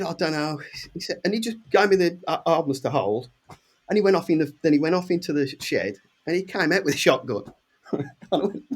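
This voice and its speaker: English man in his sixties telling animated stories. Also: fairly quick. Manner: lively anecdotes, acts out quoted voices with big pitch jumps. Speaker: guest musician. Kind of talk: casual storytelling.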